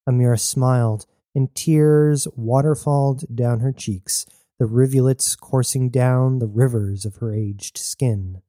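A man reading a science fiction story aloud as a narrator, in an even storytelling manner. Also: mid-range voice, measured pace, dry recording, clean studio sound. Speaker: audiobook narrator. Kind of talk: scripted narration.

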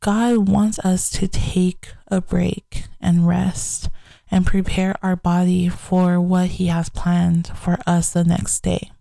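A woman's voice: on the low side, level tone, creaky, mellow, no echo. A young adult woman hosting a faith podcast, talking candidly and reflectively in a casual way. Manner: candid, reflective, slow-paced. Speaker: podcast host.

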